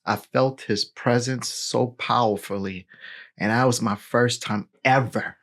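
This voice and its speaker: A man in his forties, a pastor, telling his personal testimony in a lively storytelling way, full of "you know" and "right?". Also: medium pitch, a little slow. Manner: animated storytelling with filler words.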